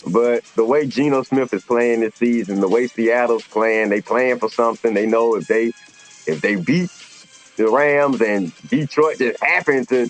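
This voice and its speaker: A man co-hosting a casual sports talk show, animated and opinionated, with slangy phrasing. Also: medium pitch. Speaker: co-host.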